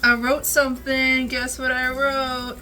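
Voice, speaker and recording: A woman's voice: high-pitched, level tone, a little slow, pushed and bright, faint music behind, rough recording. A woman chatting playfully while making pancake art at home, teasing and giggling. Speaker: vlog co-host.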